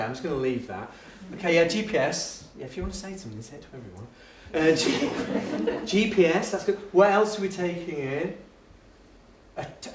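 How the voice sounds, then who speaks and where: A man tells classroom stories with animated energy, often laughing and slipping into his pupils' voices. His voice sits a bit high for a man. He is heard from a distance in an echoey room, with faint ambience behind him. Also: slight background noise. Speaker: education speaker and guest. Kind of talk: lively anecdotal talk to an audience.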